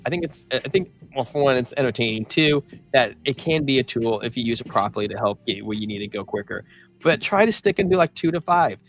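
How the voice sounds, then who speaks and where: A man's voice: fairly high pitch, a bit bright. A man co-hosting a casual crypto livestream, rambling and joking as he gives trading advice and reads chat messages aloud. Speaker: crypto show co-host.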